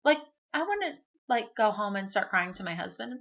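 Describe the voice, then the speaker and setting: Bright, upbeat woman giving a team pep talk. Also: mid-range voice, big pitch swings, normal speed, few pauses. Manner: upbeat, chatty, emphatic with many fillers. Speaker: sales director addressing her team. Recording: dull lo-fi recording.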